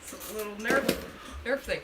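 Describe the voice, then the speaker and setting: A woman's voice: medium pitch, moderate pace, background noise. A woman co-hosting a live stream, chatting casually and giggling about the game. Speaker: stream co-host. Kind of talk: casual reaction chat.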